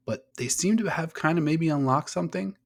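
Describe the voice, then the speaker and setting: A man's voice: a little high, a little fast, gravelly. An American man hosts a casual sports podcast with real energy. He rattles through the match, curses freely and laughs between points, in the loose rhythm of an unscripted chat. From United States. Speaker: podcast host.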